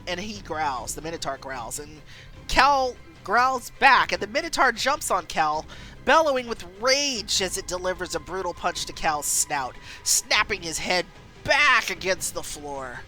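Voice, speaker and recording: Lively bright-voiced woman streamer. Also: lowish voice, unhurried, faint music behind. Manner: expressive, laughs between lines. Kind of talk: reading a story game aloud on stream.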